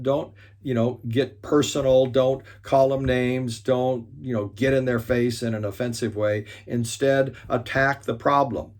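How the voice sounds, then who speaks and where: A man giving an earnest motivational talk on resolving conflict. He leans on key points by slowing down and often restarts his sentences. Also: medium pitch.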